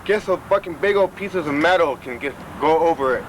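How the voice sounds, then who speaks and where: A man's voice: a little high, a little fast. Man, public-access TV host, breathless, rambling, swears freely, outdoor camera audio, street traffic behind. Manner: rambling, profane, loose, repeats himself. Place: outdoors at a friend's house.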